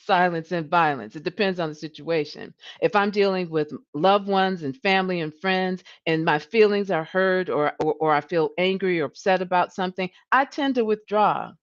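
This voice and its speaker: A woman hosting a coaching livestream. She talks in an animated way, often restarts and repeats words, and her voice rises when she gets passionate. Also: on the low side, dull audio. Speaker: leadership coach and livestream host. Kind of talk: coaching talk.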